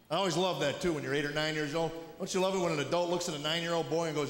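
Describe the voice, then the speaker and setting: A middle-aged man doing stand-up comedy, telling stories with a wry delivery and quick voiced asides. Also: fairly high pitch, steady tone, fairly bright tone. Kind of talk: stand-up routine. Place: large hall with live audience. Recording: echoey hall, audible room noise.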